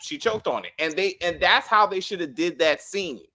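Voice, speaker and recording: A man co-hosting a casual TV review chat, animated and profane, acting out scenes and apologizing for his tangents. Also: high voice, normal speed. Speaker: co-host of a TV review show.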